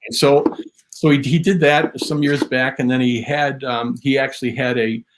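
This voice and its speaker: A man, a drum memorabilia historian, telling an anecdote as an interview guest in an animated way. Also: medium pitch, moderate pace. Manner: animated storytelling, voice rises on quotes.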